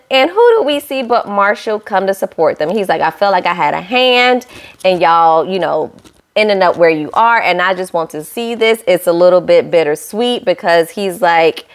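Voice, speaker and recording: A woman, recapping a reality show episode in a chatty, animated way and talking straight to her viewers with playful asides. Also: medium pitch. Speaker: reality TV reviewer. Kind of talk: casual recap vlog.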